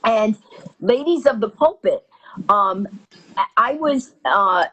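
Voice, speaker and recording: A woman from New York telling stories as an interview guest, quickly acting out every quoted line. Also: mid-range voice, lively intonation, fairly bright tone, dull audio. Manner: rapid anecdotal storytelling, acting out quotes. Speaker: interview guest, comedienne and author. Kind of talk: animated storytelling.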